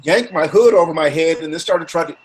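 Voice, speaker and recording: A man telling a rowdy story in casual chat, animated and profane, acting out what others said. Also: a little high, a little fast, slight background noise.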